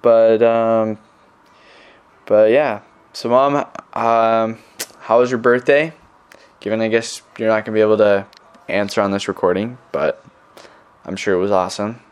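A man's voice: on the low side, fairly even intonation, measured pace, pauses often, smooth. A young man, a missionary, telling stories in a casual recorded message to his family, rambling with many fillers. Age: young adult.

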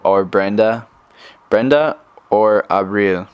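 A man's voice: lowish voice, slow, clear, resonant tone, muffled recording. A young man, a missionary, telling stories in a casual recorded message to his family, rambling with many fillers. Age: young adult.

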